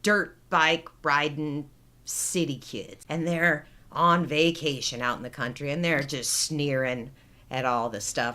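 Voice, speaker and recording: A woman's voice: deep voice, steady tone, measured pace, bright, forceful tone. A woman in her forties, co-hosting a podcast in casual chat, with chatty storytelling. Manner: chatty storytelling, retelling film scenes. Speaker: podcast co-host.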